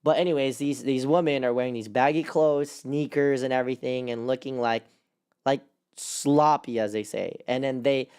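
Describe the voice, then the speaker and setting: A man co-hosting a casual podcast chat, talking in an animated, rambling way with lots of fillers. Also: medium pitch, normal speed, clean tone. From California. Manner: animated, rambling with many fillers and quoted put-on voices. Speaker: podcast co-host.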